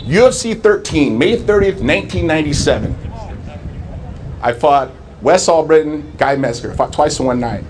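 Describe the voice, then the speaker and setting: A man in his forties from Southern California tells his personal story to a live audience. His voice sits a little high for a man and he plays out old conversations as he goes. A faint hum of ambience runs underneath. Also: expressive, moderate pace, darkish tone. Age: 40s. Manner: earnest storytelling, acting out remembered dialogue. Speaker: public speaker.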